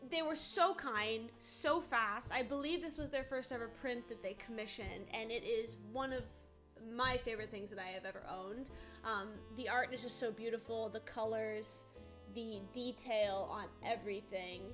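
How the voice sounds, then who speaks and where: A woman's voice: fairly high pitch, normal speed, fairly bright tone, faint music behind. A woman who voices characters, hosting a live autograph stream in bubbly, gushing casual chat.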